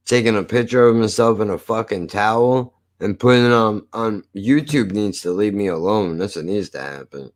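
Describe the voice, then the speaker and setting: A man's voice: fairly low pitch, moderate pace, few pauses. A man giving casual, rambling reaction commentary while he searches for videos, crude and laid-back. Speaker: watch-along streamer.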